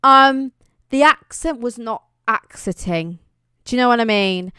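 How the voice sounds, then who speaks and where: A woman's voice: on the high side, expressive, a little slow, sharp tone, clear, resonant tone, dry recording, studio quality. A young British woman chatting on her vlog, playful and dramatic, exaggerating for effect. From Britain. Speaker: vlogger. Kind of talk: casual chat.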